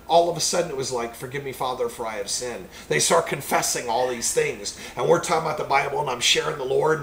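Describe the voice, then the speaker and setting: A man who is a preacher, telling a personal testimony story in a rambling, animated way. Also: fairly high pitch, creaky, rough recording.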